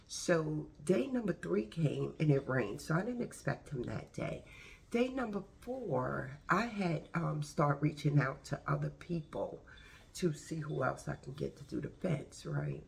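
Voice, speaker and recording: A woman's voice: low-pitched, creaky. A woman telling a story casually to her video camera at home, chatty and rambling with frequent asides. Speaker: vlogger.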